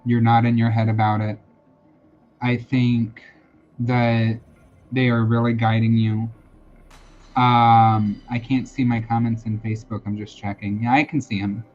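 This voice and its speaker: A man's voice: medium pitch, level tone, a little slow, darkish tone. A man hosting a live-streamed tarot and psychic reading, talking casually and reassuringly with lots of fillers and repeated phrases. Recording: dull lo-fi sound with faint background noise.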